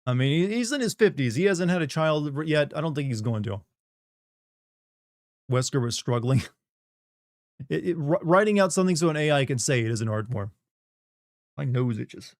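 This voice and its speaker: A man's voice: a little high, lively intonation, moderate pace, pauses often, no room sound, clean studio sound. A middle-aged man from the Southern United States chatting casually on a live stream, rambling, joking and reading chat aloud.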